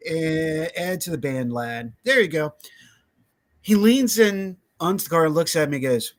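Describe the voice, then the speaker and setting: Man, podcast guest, lively raconteur who acts out quotes; a touch higher voice. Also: moderate pace. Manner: animated, acts out quoted voices, laughs often. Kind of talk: casual storytelling.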